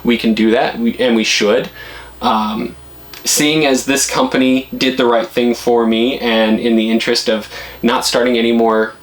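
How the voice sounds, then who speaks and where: A middle-aged man vlogging casual advice, blunt and animated, his pitch jumping up when he gets worked up. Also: moderate pace, poor audio.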